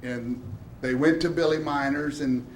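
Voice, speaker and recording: A man telling his story at a press event, excited and laughing, acting out the voices of the people he quotes. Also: fairly high pitch, a little slow, far from the mic, a little hiss or hum. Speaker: lottery winner at a check presentation. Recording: echoey room.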